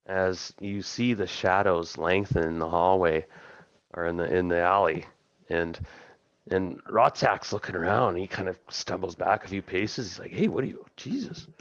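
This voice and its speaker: Male GM, low voice, easygoing narration, dry lo-fi audio. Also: steady tone, measured pace, a bit bright, no room sound. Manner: casual, rambling, with fillers. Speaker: game master. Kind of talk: narrating a tabletop game.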